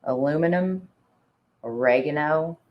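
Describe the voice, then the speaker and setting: Casual female co-host with a very low voice; chatty, giggly, rambling. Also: measured pace, dull audio. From Indiana. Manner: chatty, laughs often, says "like" a lot. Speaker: podcast co-host. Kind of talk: casual chat.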